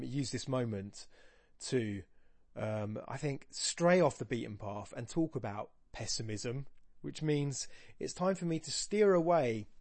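A man talks through a poem in a loose, joking way, often doubling back on himself. His voice sits at an ordinary pitch for a man. The recording is close and dry, with no room sound. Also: darkish tone, no room sound. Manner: rambling, jokey, self-deprecating, with frequent restarts. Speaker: podcast host discussing poetry. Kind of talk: casual spoken analysis.

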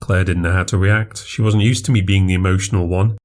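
A man's voice: sits low, fairly even intonation, brisk. A man narrating a first-person horror story for a podcast, in a confessional, plainspoken way.

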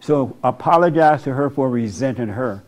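A man's voice: mid-range voice, moderate pace, a little mellow. A man acting as a pastor, counseling a woman in a plain, direct, preachy way. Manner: direct, preachy, plays out voices in quotes. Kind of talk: counseling talk.

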